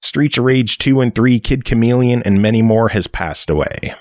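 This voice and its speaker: A man's voice: medium pitch, moderate pace, no echo, studio quality. A man hosting a casual gaming podcast, running through the week's news with fillers and the odd swear.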